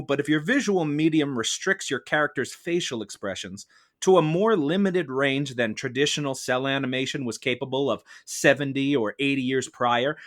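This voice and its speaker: A man acting as prosecutor in a mock trial on a podcast, arguing a prepared case in a measured, formal courtroom manner. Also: fairly high pitch, fairly bright tone. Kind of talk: prepared argumentative case delivered to a judge.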